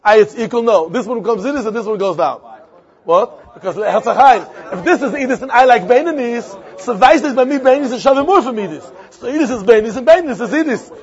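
A man with a Yiddish-inflected accent, giving a Talmud lesson in an animated, repetitive, sing-song way with many questions. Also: very high voice, brisk, muffled recording, some chatter behind. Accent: Yiddish-inflected English. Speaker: Talmud teacher.

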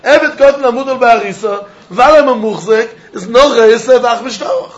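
A man giving a lively Talmud class, mixing English with Yiddish and Hebrew terms, asking and answering his own questions and laughing often. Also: very high voice, moderate pace. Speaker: Talmud teacher. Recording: dull lo-fi recording.

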